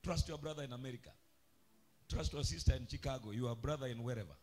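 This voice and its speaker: A man preaching a charismatic church sermon, swinging from loud shouted calls to quiet asides and sing-song chanting, with a husky voice. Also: medium pitch, fast talker. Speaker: pastor. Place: church sanctuary.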